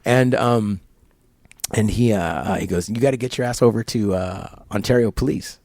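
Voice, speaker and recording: A middle-aged man telling a long personal story in an interview at a barbershop, halting and rambling, acting out the people he quotes. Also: on the low side, darkish tone, no room sound, clean studio sound. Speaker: guest.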